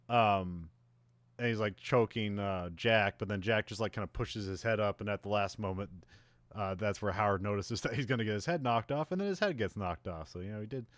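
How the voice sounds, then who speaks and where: A man with a fairly low voice talks through a movie plot in an easygoing, rambling way, often restarting his sentences and laughing at the silly parts. It is a casual podcast recap, recorded dry and close to the mic. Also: fairly bright tone, no room sound. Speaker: podcast host.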